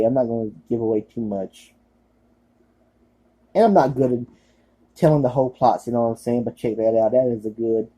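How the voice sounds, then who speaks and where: Laid-back male vlogger with a deep, dark tone, offhand and rambling through his picks. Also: rough recording. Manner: rambling, many fillers and restarts. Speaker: horror movie reviewer. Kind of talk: casual movie recommendation vlog.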